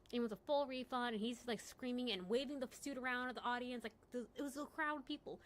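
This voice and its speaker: Chatty young woman streamer, slightly high voice. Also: fast, slight background noise. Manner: chatty, rambling, heavy use of "like" and "you know". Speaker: livestream host. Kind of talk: casual late-night stream chat.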